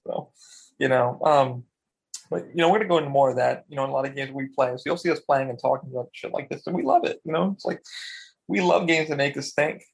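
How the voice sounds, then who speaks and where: A young man co-hosting a casual podcast about video games, animated and swearing freely as he acts out quotes. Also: medium pitch, quick pace, gravelly, slightly rough, low-quality recording. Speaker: podcast co-host.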